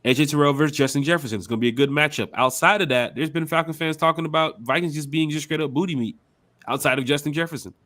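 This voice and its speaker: A man hosts a casual sports podcast and talks through the season with building excitement. His voice sits a touch higher than most men's. He keeps the chat moving and hypes up the games ahead. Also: quick pace. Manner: animated, hype-building, runs the schedule rundown. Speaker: podcast host.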